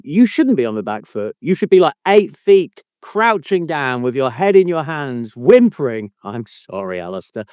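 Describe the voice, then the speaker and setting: A man hosting a podcast with a high, bouncy voice that swings all over the place. He ribs his co-host in mock outrage and swears freely. The sound is dry and close to the mic. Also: darkish tone, clean tone, dry recording. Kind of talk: casual podcast banter.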